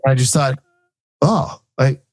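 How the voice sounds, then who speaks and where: Fast and rambling, an American former Marine officer and entrepreneur in his thirties tells a story as a guest, leaning heavily on "like" and acting out quoted conversations. He speaks at medium pitch with no room sound.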